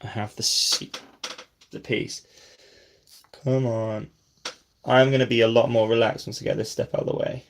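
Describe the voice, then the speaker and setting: A mid-range male voice with a level tone, moderate pace, and long pauses. The brick-building vlogger narrates his build casually, talking to himself with self-deprecating remarks and slipping into a near whisper while concentrating.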